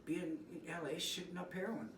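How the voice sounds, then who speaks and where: Animated, rambling storyteller man. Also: high-pitched, fairly quick. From East Coast. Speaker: musician guest. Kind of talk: storytelling in casual interview. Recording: roomy, distant mic, noisy.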